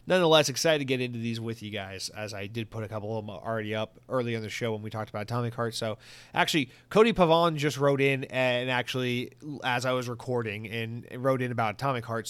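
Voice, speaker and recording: A man's voice: mid-range voice, quick pace, clean tone. Young guy podcaster reading comments, swears a lot, rambles, gets worked up. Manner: rambling, profane, animated rants. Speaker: podcast host. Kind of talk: casual podcast monologue reading listener comments.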